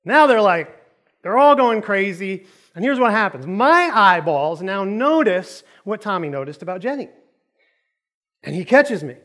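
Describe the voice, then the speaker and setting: A man's voice: high-pitched, big pitch swings, unhurried, fairly bright tone. A man preaching a sermon in a church, telling a joking story with lots of energy. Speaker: pastor. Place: church auditorium.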